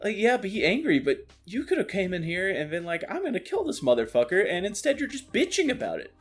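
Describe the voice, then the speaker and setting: A man's voice: sits high, brisk. Profane, ranting young-sounding man. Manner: animated, profane, exasperated ranting. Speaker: streamer. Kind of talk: ranting gameplay commentary. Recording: faint lo-fi music underneath.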